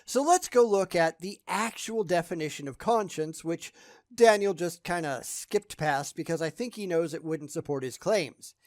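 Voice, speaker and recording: A man's voice: high voice, lively intonation, normal speed, dry recording, clean studio sound. A man giving sarcastic reaction commentary, blunt and scornful in how he talks.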